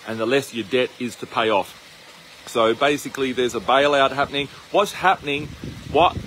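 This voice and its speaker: An Australian man holds a phone camera and talks to it outdoors. His voice sits at an ordinary middle pitch, and he wanders through his points with plenty of ums and restarts. Faint outdoor noise runs behind him. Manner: rambling, with many fillers and restarts. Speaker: investment channel host. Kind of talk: casual to-camera vlog. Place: outdoors on his farm, walking.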